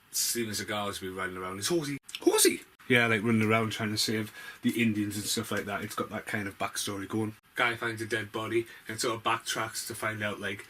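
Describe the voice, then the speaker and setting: Male film vlogger, lowish forceful voice, sweary ranting reviews. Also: slight background noise. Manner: blunt, sweary, rambling.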